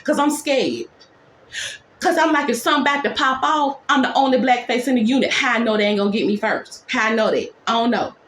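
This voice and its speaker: A woman nurse telling a dramatic workplace story in a storytime vlog, talking in quick, animated bursts. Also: on the high side, echoey room, slight background noise.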